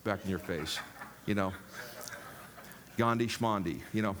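A man's voice: fairly low pitch, a little slow, background noise. An older man preaching a sermon in a jokey, rambling way, talking straight to the congregation. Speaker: pastor.

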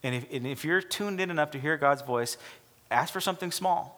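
A man's voice: fairly high pitch, brisk, fairly bright tone, in a large hall. A man preaching a sermon as pastor, talking emphatically and acting out the voices in the stories he tells. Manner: emphatic, acts out quoted dialogue.

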